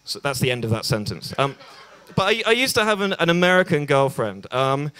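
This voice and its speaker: A man's voice: on the high side, sing-song, a little fast, bright, forceful tone, clean tone. A young English man doing a stand-up set at an open mic, hesitant and self-deprecating, with lots of ums and restarts. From England. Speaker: stand-up comedian. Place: small bar venue.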